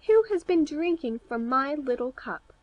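A woman doing excitable little dwarf men. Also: measured pace, dry recording, lo-fi sound. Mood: puzzled. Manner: high, excited exclamations. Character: seven little dwarf men, puzzled then amazed.

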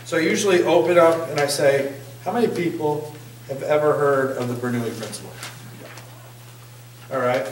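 A man's voice: a little high, normal speed, long pauses, a little hiss or hum. Male vocal coach, casual and joking, quizzing his class; recorded distant in a reverberant room. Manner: chatty, joking, asks the group questions. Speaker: singing instructor. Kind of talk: casual workshop teaching. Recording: echoey room, distant mic.

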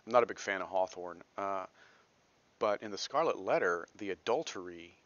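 A man's voice: deep voice, moderate pace, a bit bright, muffled recording. A man from Texas giving a recorded literature lecture, conversational, with self-deprecating asides and frequent checks of "right?".

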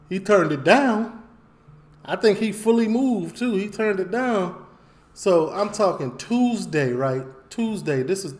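Man on the high side, animated slangy vlog storyteller who likes repeating himself for emphasis. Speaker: vlogger. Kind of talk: casual storytime.

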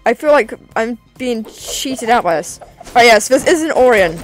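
A woman giving live commentary over her own gameplay, excitable and complaining as she plays. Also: on the high side, normal speed, faint music behind. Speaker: gaming video creator.

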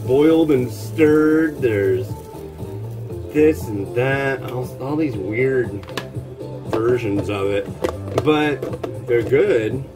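Slow-talking male cooking host, rambling and wry, music clearly underneath. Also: mid-range voice. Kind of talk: casual chat while cooking.

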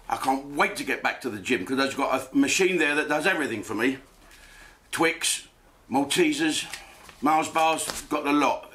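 A man's voice: fairly high pitch, sharp tone. A man hosting a comedic rant from his home den, crude and rambling, swearing freely. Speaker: host.

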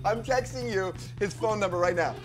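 A woman's voice: mid-range voice, moderate pace, music in the background. A woman hosting casual chat, teasing and prodding her friend.

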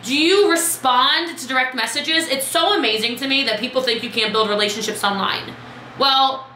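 A woman coaching her team on a live video, chatty and lively, calling out viewers by name. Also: high voice, moderate pace, roomy sound, a little hiss or hum, low-quality recording. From Texas. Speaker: business coach.

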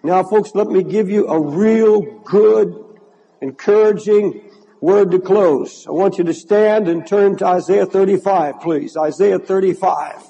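A man's voice: high voice, a little slow, vocal fry, dark tone, husky, low-quality recording. An older man preaching a sermon, impassioned and repeating words as he presses his point. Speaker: pastor.

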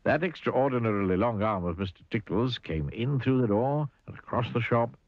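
A man narrating a children's cartoon story, playful and expressive, asking the listener questions. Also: medium pitch, normal speed, no echo, dull audio.

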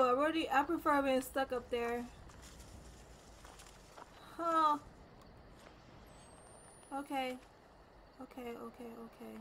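Jumpy woman gamer, fairly high voice. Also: slow, long pauses, fairly bright tone, poor audio. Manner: jumpy, exclaiming, repeats herself when nervous. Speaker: gamer streaming a horror game. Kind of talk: casual let's-play commentary. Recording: noticeable background noise.

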